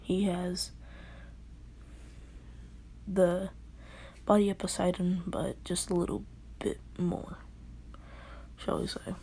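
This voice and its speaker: A woman casually telling a fan story, rambling and halting, often dropping to a half-whisper. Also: lowish voice, flat delivery, warm tone, husky.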